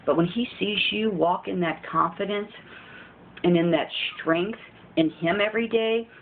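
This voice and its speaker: A woman's voice: medium pitch, moderate pace. A woman giving informal spiritual encouragement, earnest and repetitive, often pleading. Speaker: faith video host. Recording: tinny phone-like audio with faint hiss.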